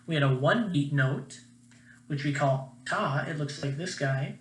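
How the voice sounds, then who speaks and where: A man's voice: fairly high pitch, a little slow, fairly bright tone, slight background noise. Upbeat male music teacher in an echoey room. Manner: friendly, upbeat, chanting rhythm syllables. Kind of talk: children's music lesson.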